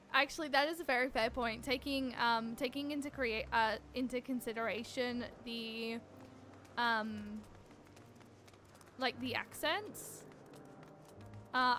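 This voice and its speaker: A woman's voice: high voice, pushed and bright. A young woman streaming a game, chatting casually with giggly, rambling asides about pronunciations and her setup. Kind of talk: casual gameplay commentary.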